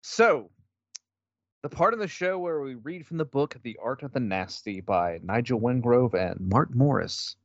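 A man's voice: mid-range voice, lively intonation, measured pace, dry recording, lo-fi sound. A man co-hosting a casual podcast, sardonic and profane, sometimes reading aloud from a book. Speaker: podcast co-host.

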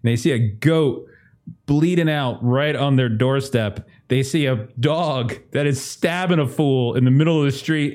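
A man's voice: medium pitch, measured pace, darkish tone. A man narrating as game master of a tabletop game, casual, with many fillers and restarts.

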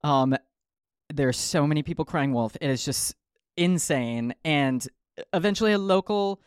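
Lively, jokey man telling a story. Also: on the high side, unhurried, clean tone, no room sound, clean studio sound. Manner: playful, jokey, lots of ums and asides. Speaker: podcast host. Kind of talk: comic podcast storytelling.

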